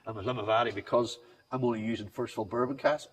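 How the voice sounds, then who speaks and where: A man's voice: mid-range voice, steady tone, fast. A middle-aged man, chatting as an interview guest, rambling and enthusiastic with many restarts. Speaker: whiskey brand founder, guest. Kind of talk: casual interview chat. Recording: distant mic, faint background noise.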